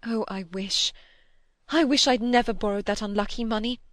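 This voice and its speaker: Distressed young woman, high-strung and pleading, voiced by a woman in a dry storybook reading. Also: moderate pace, dry recording, lightly acted. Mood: distraught. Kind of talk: audiobook character reading.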